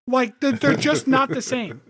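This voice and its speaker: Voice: high-pitched, unhurried, noisy background. A podcast co-host ranting casually with lots of swearing and emphatic complaints. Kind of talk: casual chat.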